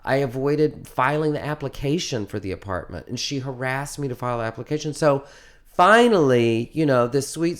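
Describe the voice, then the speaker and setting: A man being interviewed, telling a long story in a rambling, animated way with many restarts. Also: medium pitch. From United States. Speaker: interviewed musician. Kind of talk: casual interview.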